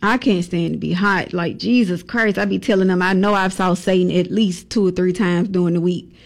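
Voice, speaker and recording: Southern woman radio host, lively and playful, some vocal fry. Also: on the low side, fairly quick. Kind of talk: casual radio interview.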